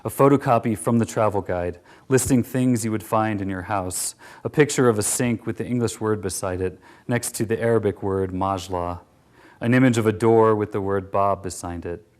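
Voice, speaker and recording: A man with a fairly low voice reads a first-person story aloud. He keeps a measured pace and lets his sentences fall away softly at their ends. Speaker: narrator. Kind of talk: first-person literary reading.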